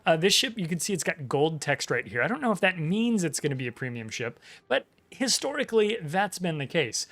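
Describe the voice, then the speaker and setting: Gravelly man rambling through game news. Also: a little high, a bit bright. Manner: rambling, reads aloud with frequent fillers and restarts. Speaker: gaming channel host. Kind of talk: casual live-stream news chat.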